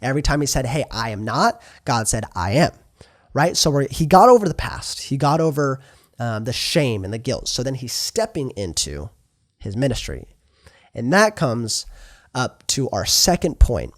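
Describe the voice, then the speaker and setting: Lively young man preaching, dry sound. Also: mid-range voice, normal speed, no echo. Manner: lively, conversational preaching with rhetorical questions. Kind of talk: sermon.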